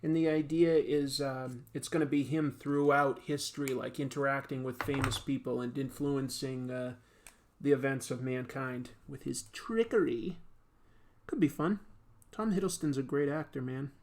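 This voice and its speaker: A comics artist chats at normal speed in a mid-range voice during his relaxed art livestream. He draws while rambling and joking, using many fillers.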